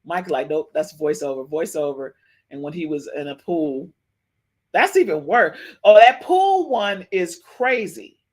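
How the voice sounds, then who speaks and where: A woman hosting a livestream podcast, reacting excitedly, repeating herself and talking to her chat. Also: fairly low pitch, a little slow. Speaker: podcast host. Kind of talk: livestream gossip commentary.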